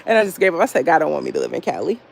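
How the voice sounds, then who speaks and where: A young woman chatting casually on a livestream, profane and animated as she reads chat aloud. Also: deep voice, very fast, vocal fry, poor audio. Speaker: livestream host.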